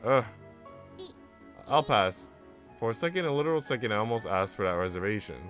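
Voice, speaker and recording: A man streaming, reading a visual novel aloud in an animated way with asides. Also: on the low side, a little fast. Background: faint game music.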